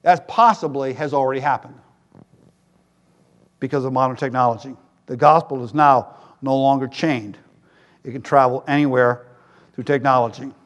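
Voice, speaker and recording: A middle-aged male pastor preaching a sermon in a conversational, joking way, with loud emphatic peaks. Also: mid-range voice, fairly even intonation, normal speed, pauses often, lo-fi sound.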